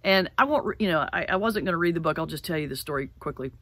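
A middle-aged woman pastor giving a sermon, telling a folk tale in an animated way and slowing down to stress key words. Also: low-pitched, dry recording. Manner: animated storyteller, slows for emphasis. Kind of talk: sermon with storytelling. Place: church sanctuary.

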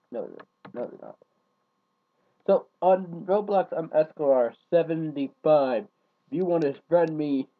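A man rambling casually to his viewers in a vlog, trailing off into low mumbles and then bursting into loud rants. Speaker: vlogger. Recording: dull lo-fi home recording.

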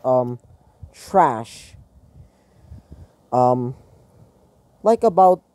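Slow, rambling young man telling a story. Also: medium pitch, dark tone, no room sound. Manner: rambling, full of ums and casual swearing. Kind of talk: casual improvised fan-fiction narration.

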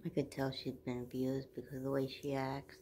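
A woman in her forties chatting casually on a home vlog, rambling between everyday news and soft baby talk to her dog. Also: very deep voice, level tone, a little fast, slight background noise. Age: 40s. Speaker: vlogger.

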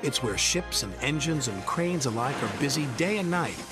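A man narrating a children's train story in a lively read-aloud manner. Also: mid-range voice, moderate pace. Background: background music.

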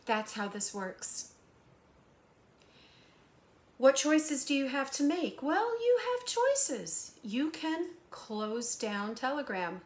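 A hypnotherapist and intuitive channeler speaks in a fairly high, expressive voice, slowly and with frequent pauses, as she gives a spiritual guidance monologue. She preaches emphatically through rhetorical questions, swinging between hushed asides and raised emphasis.

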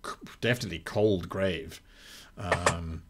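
A man's voice: low-pitched, unhurried, background noise. A man narrating as game master in a tabletop game, with wry, laid-back delivery.

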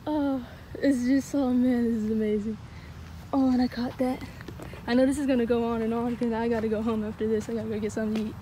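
A tired woman with a cracking voice, rambling excitedly in a casual outdoor fishing vlog by a pond, recorded on a handheld camera. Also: fairly high pitch, fast, slight background noise, poor audio. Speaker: fishing vlogger. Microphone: handheld phone or action camera.

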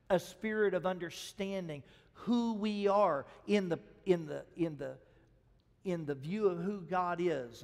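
High-voiced preacher man in an echoing hall. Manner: swings from quiet storytelling to loud urgent exhortation; asks the congregation questions. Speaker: pastor. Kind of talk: sermon. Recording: long hall reverb.

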